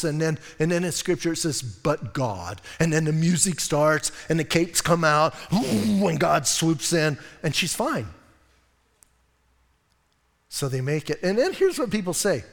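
Animated preacher in a church hall. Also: male voice, a little high. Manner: animated, acts out voices of people in the story. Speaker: pastor. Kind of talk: sermon.

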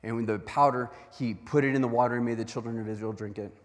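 A man preaching a sermon as a pastor, telling Bible stories in an animated way and acting out their voices. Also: mid-range voice, fast talker, long reverb tail. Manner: animated storytelling with acted-out voices.

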